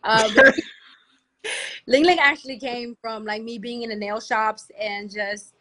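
A young woman from the DMV area, a music artist who talks in a brash, animated way and laughs often. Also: fairly high pitch, unhurried. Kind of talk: casual interview chat.

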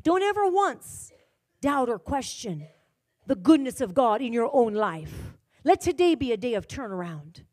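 A woman preaching a sermon in a commanding, emphatic style, her loudness rising and falling widely. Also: fairly high pitch, big pitch swings, a little slow.

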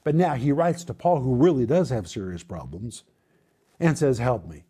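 A man preaching a sermon, addressing listeners as his friends with dramatic swings in pitch. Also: big pitch swings, normal speed, warm tone, husky.

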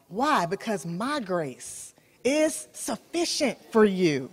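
A woman's voice: a little high, very animated, slow pace, few pauses, breathy edge, long reverb tail. A woman preaching a sermon, telling a story with animation and speaking straight to her listeners.

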